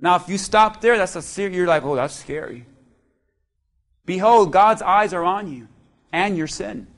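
A man's voice: high voice, normal speed, fairly bright tone. A male pastor preaching a sermon in church, joking with the congregation and leading call-and-response. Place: church sanctuary.

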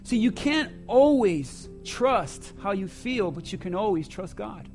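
High-voiced preaching man, dynamic. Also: animated, unhurried, soft background music. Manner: dynamic preaching, swinging from loud emphasis to hushed asides. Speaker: pastor. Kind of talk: sermon.

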